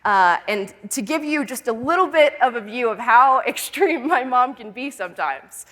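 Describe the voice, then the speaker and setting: A young woman from Florida giving a personal story talk at a conference, lively and often laughing. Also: fairly high pitch, normal speed, in a large hall. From Florida, United States. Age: young adult. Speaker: conference speaker. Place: conference hall stage.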